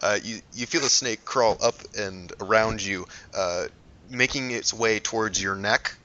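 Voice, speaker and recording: A man narrating a tabletop game as game master, halting and full of fillers as he describes scenes. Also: on the low side, noisy background. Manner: hesitant, lots of ums and restarts while describing scenes. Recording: dull lo-fi recording.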